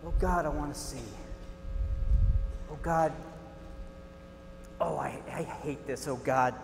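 A man's voice: fairly high pitch, steady tone, slow, creaky, big-room sound, background noise. Man playing a flustered, pleading Bartimaeus. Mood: repentant. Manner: flustered, pleading, repeats himself. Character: defensive, well-meaning man called Bartimaeus. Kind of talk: church skit acting.

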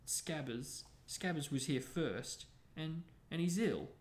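A man voicing an angry, hot-tempered teenage boy wizard who shouts indignantly in a storybook reading. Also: fairly high pitch, slow pace, slight background noise, voice pushed up. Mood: resentful.

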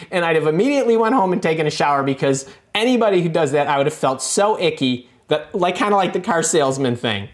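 A middle-aged man hosting a live career-coaching stream, answering viewer comments in an animated, emphatic way with frequent repeated words and restarts. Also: sits high, fast talker, hardly any pauses.

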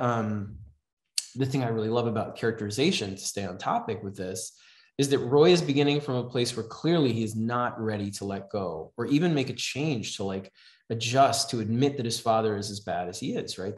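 A man lectures to a writing class in a loose, chatty way and keeps checking in with "right?". His voice sits at a middle male pitch. The room around him is echoey. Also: moderate pace. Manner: conversational, often adds "right?". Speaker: writing teacher. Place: class in a house.

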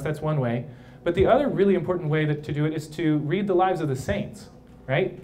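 A man's voice: on the high side, a little mellow, slight background noise. A man, a priest, giving a casual, playful talk to a live crowd of young adults at a brewery, often checking in with the audience by asking "right?".

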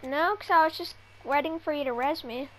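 A woman gaming YouTuber in casual, quick, teasing banter, sometimes impatient. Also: high voice, fairly bright tone.

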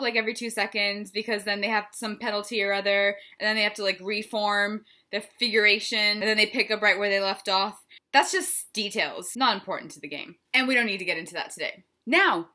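A young woman hosting a jokey explainer vlog, playful and quick to break into sung bits and shouted lines. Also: medium pitch. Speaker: vlogger.

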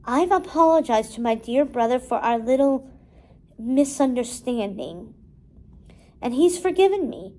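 A sly, drawling villain lion with a mocking tone, as a woman reads him aloud. He stretches his words in a lazy, scheming way. The voice sits somewhat high in pitch, as in a storybook reading. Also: expressive, measured pace, dark tone.

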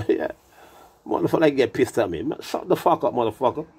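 A man's voice: medium pitch, expressive, a little fast, slightly rough. A man telling a rambling, profanity-heavy story in loose patois and now and then sliding into song. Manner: swears constantly, loose patois, drifts into singing. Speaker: reggae artist. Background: loud music.

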